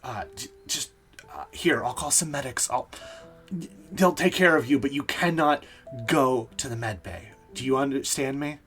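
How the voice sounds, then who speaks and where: A man voicing a worried man who pleads in a hushed, urgent tone. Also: medium pitch, moderate pace, faint music behind, close to an everyday voice.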